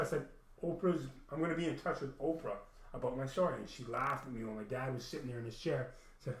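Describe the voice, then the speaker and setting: A man's voice: medium pitch, fairly even intonation, quick pace, a bit bright, echoey room, rough recording. A man rambling through an emotional personal story, repeating himself and swearing often.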